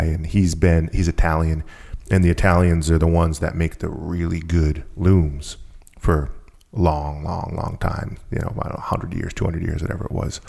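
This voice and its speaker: A man's voice: sits low, creaky, warm tone. A man who is a guest on a conversational show, telling a story casually and with energy, often restarting and repeating phrases.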